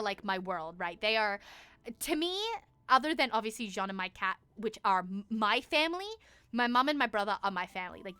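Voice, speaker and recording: A woman with an Australian accent, streaming and telling a story to her chat in a casual, animated way, swearing freely and acting out what people said. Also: on the high side, smooth.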